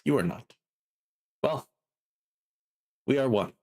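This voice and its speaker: A man streaming live and chatting casually, drowsy and a bit down, rambling slowly with lots of fillers. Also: mid-range voice, vocal fry. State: sleepy and low in mood.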